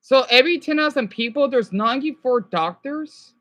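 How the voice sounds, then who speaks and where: A woman's voice: sits high, lively intonation, moderate pace, a bit bright. A woman reacting to a video in a profane, rambling rant, often apologizing. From United States. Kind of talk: ranting reaction commentary.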